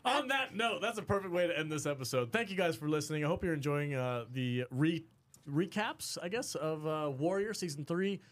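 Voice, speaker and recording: Lively excitable male podcast host. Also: fairly high pitch, brisk, slight background noise. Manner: excitable, laughs easily. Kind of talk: casual podcast chat.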